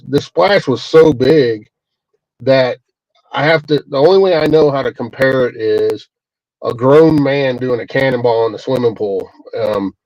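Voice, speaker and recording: A man's voice: medium pitch, a little mellow, dry recording, dull audio. Folksy man telling a story, dry sound. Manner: rambling, folksy, many restarts and fillers. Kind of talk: casual first-person storytelling.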